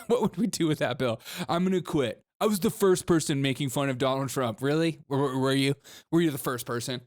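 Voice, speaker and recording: A man's voice: medium pitch, brisk, no echo, clean studio sound. A man hosting a comedic commentary show, mocking clips sarcastically and laughing often.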